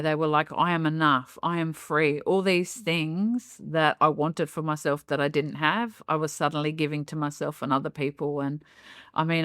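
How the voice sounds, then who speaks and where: A woman's voice: sits low, a bit bright, no echo, clean studio sound. A middle-aged woman telling her own life story as a podcast guest. She speaks openly and reflectively, with frequent "um" and "you know". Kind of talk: candid personal storytelling in a podcast interview.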